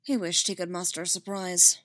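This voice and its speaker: A woman slowly narrating a fan story as an audiobook. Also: lowish voice, little pitch movement, a bit bright, no room sound, clean studio sound. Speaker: reader.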